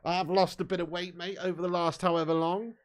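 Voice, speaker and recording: A young man hosting a live football watch-along, bantering with his chat and swearing freely, getting loud when a chance comes. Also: high voice, flat delivery, fast.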